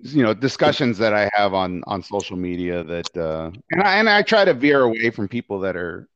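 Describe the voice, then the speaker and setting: Smooth, low-voiced male host. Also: sing-song, normal speed, fairly bright tone, dry recording. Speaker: podcast host. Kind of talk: conversational interviewing. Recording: dull lo-fi dry sound.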